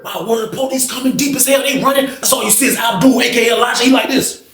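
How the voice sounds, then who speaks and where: A man telling a story in a casual way, slangy and animated, acting out the voices of the people in it. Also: extremely high pitch, fast talker, reverberant.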